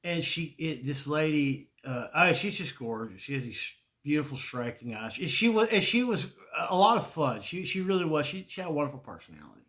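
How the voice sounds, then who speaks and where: Southern man, 40s, profane storyteller with a lively voice and lots of restarts. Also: a little high, a little fast, hardly any pauses. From Charlotte, North Carolina. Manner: profane, rambling, frequent restarts and laughter. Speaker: podcast host. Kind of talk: casual rambling monologue.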